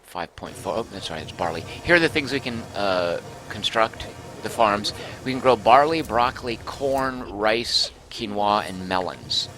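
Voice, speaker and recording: Lively low-voiced man streaming a game. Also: measured pace, hardly any pauses, slight background noise. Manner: thinks aloud, chatty, reads out viewer comments. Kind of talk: casual gameplay commentary.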